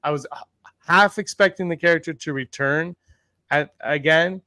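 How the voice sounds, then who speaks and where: Man hosting a lively podcast chat. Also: fairly high pitch, normal speed, dry recording. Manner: animated, asks co-hosts questions. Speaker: podcast host. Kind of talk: casual chat.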